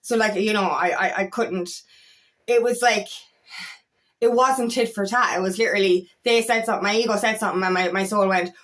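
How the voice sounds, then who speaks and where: A woman's voice: mid-range voice, brisk, fairly bright tone. A woman life coach talking in a motivational vlog, emphatic and blunt, swearing often and acting out her inner voices. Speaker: empowerment coach.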